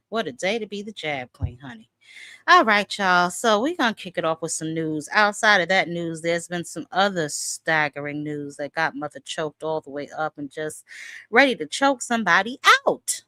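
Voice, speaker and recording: Woman, livestream host, sassy and dramatic, very lively pitch, dry close mic. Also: moderate pace, dry recording. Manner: sassy, dramatic, calls viewers honey and child. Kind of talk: casual livestream commentary.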